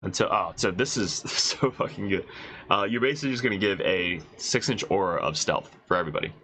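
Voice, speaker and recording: A man with a congested voice, casually reading out and reacting to game rules as a host, excited and swearing, thinking aloud. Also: low voice, brisk, a little hiss or hum, poor audio. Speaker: wargaming video host reviewing rules.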